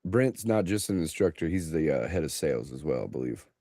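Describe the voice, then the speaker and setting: A man chatting on a podcast as a guest, telling animated stories and swearing freely. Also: very deep voice, a little fast, dry recording, clean studio sound. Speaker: podcast guest, tint instructor. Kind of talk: casual chat.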